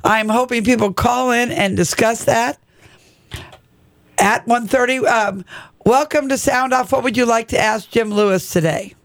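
A man's voice: very high-pitched, a little slow, creaky, a bit bright, no echo. A man hosting a call-in radio show, chatting casually with a guest and callers into a close studio mic. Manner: chatty, conversational.

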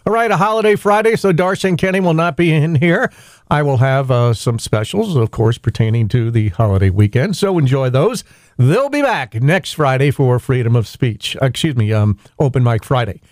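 A male radio host reading the weather, sponsor messages and phone numbers in a brisk, matter-of-fact way, then taking calls. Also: mid-range voice, lively intonation, darkish tone, dry recording. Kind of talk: local morning radio hosting.

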